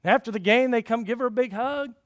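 High-voiced preacher swinging loud to soft. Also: male voice, fast talker, dry recording, clean studio sound. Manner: swings from loud emphatic peaks to quiet low passages; rhetorical questions to the congregation. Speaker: pastor. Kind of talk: sermon.

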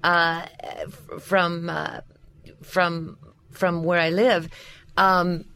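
A middle-aged woman with a slightly low-pitched voice talks shop as a voice coach in a relaxed podcast interview. She sounds eager and expressive as she explains her ideas. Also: extremely slow. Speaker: voice coach and voice actress.

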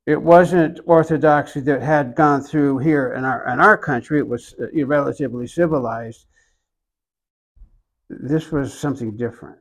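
An older man from Oklahoma with an Oklahoman accent, telling his own story in an interview in a reflective, unhurried way with soft asides. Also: medium pitch, rough recording.

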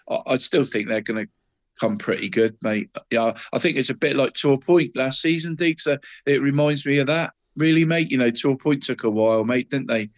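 A man co-hosting a casual football podcast, chatty and calling his partner mate in every sentence. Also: mid-range voice. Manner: chatty, peppers talk with "mate" and the co-host's name. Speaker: co-host.

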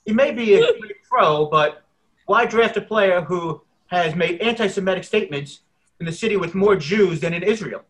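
A man reading the part of a male sports reporter in a casual script read, halting and restarting often. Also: high voice, big pitch swings, a bit bright, rough recording. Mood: pressing.

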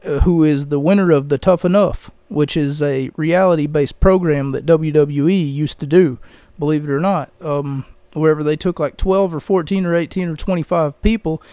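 A man's voice: a little high, normal speed, dark tone, clean tone, dry recording. A man hosting a podcast, talking casually and rambling with lots of fillers into a close microphone. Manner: rambling, chatty, frequent fillers. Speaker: podcast host. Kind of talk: casual solo commentary.

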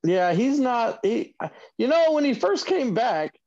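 A man's voice: very high voice, big pitch swings, unhurried, darkish tone. Hesitant man on a dull lo-fi mic. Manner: hesitant, laid-back, swearing. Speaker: podcast co-host. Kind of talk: casual recap chat. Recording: dull lo-fi audio.

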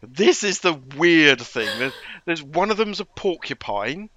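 A man co-hosting a casual podcast chat, animated and often stumbling over repeated words. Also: on the high side, measured pace, dry recording. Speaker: podcast co-host.

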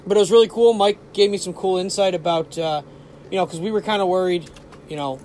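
Man, high voice, rambling podcast chat, lots of ums, swears, faint room noise. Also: quick pace, a little mellow. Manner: rambling, swearing, many fillers. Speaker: podcast co-host. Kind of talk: casual chat.

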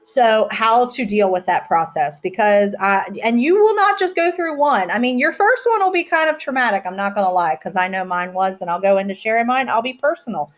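A woman's voice: a little high, big pitch swings, brisk, few pauses. A woman hosting her own podcast, talking in a chatty, rambling way and poking fun at herself as she goes. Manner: chatty, rambling, self-mocking. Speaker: podcast host. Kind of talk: casual solo podcast chat.

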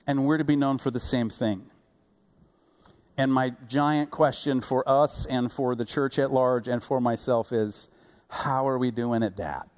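A man pastor preaching a sermon, animated and rising loud on key points, with quick asides and self-corrections. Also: medium pitch.

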